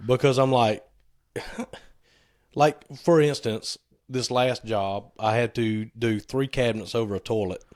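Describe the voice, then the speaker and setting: A man co-hosting a podcast in casual chat, joking and teasing, a little hoarse from yelling over a saw. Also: mid-range voice, fairly even intonation, measured pace, no echo, clean studio sound. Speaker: podcast co-host.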